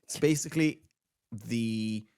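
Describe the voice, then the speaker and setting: A man's voice: mid-range voice, takes it slowly, darkish tone, clear, resonant tone, dry recording, studio quality. A man hosting a casual movie podcast, rambling through trivia with many fillers and restarts. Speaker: podcast host.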